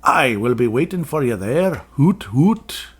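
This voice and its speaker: A man voicing a wise old male owl guide in a put-on mock Scottish accent, speaking slowly and gravely. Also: medium pitch, big pitch swings, voice pushed up. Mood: solemn.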